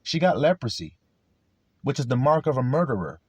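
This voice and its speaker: Guy preaching off the cuff, husky voice that swings way up and down, super dry sound. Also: mid-range voice, moderate pace, no echo, dull audio. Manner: animated, confrontational, rhetorical questions, coarse language. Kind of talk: informal sermon.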